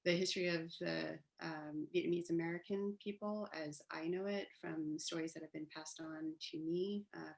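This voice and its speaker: A woman artist speaking on a video call panel, soft and halting, with many pauses and fillers, growing emotional as she talks. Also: on the low side, vocal fry, rough recording. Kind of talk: casual panel talk. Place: downtown apartment with street noise.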